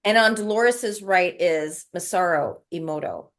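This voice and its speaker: Speaking at a normal pace with a somewhat low, slightly bright voice, a woman guest recounts an emotional spiritual story in casual conversation. She repeats words and sounds breathless and emotional as she tells it.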